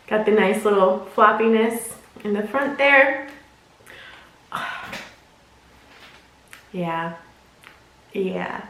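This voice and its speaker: Woman reviewer, high voice, chatty and gushing, boomy distant room sound. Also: a bit bright. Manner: chatty and gushing, talks to the clothes. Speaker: clothing subscription box reviewer. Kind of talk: casual unboxing and try-on chat. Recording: echoey room, mic at a distance.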